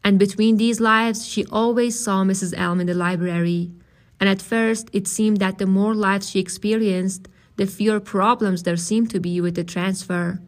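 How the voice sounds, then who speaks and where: A woman reading a novel aloud as narrator, in a measured, steady way. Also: medium pitch. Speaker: audiobook reader.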